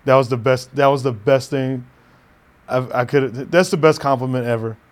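A man's voice: medium pitch, fairly even intonation, normal speed. A man chatting casually as a podcast co-host, laid-back, laughing often and swearing now and then. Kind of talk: casual chat.

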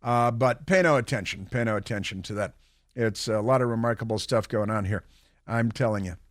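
A man's voice: fairly low pitch, brisk, no echo, studio quality. A man hosting a political talk radio show, rambling and sarcastic, with mocking asides.

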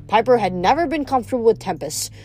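A woman reading a novel aloud in an expressive storytelling manner. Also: on the high side, fast, soft background music. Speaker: reader.

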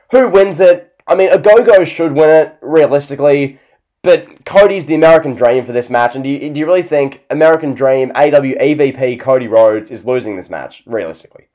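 A man's voice: medium pitch, a little fast, a little mellow. A man hosting a wrestling podcast, chatting casually with sarcastic, mock-serious remarks. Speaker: podcast host. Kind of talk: casual chat.

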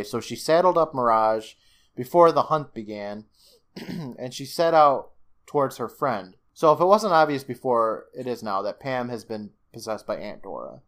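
A man co-hosting a podcast, recapping a TV episode in casual chat, cursing freely, laughing often and acting out lines. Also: mid-range voice. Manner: swears freely, laughs often, acts out quotes. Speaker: podcast co-host.

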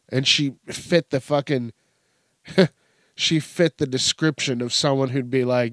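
A man's voice: mid-range voice, takes it slowly, no room sound, clean studio sound. A man hosting a podcast, ranting crudely and swearing constantly, laughing at his own jokes. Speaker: podcast host. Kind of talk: profane comedic rant.

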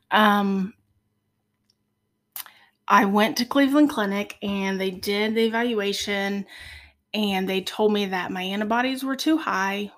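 A woman from Ohio, a podcast guest, tells her faith story in an earnest, heartfelt way with many pauses. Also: mid-range voice. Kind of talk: personal faith testimony.

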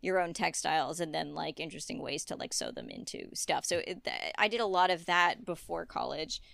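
A woman's voice: sits low, huge pitch swings, a little fast, creaky, a bit bright, dry recording. A woman guest chatting casually in an interview, rambling with many fillers and tangents. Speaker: guest artist.

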